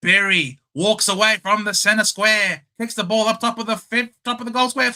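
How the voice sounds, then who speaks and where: A young Australian man hosting a casual live watchalong, calling the game and chatting with viewers, shouting at the big plays. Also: high voice, moderate pace, few pauses. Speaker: live stream host.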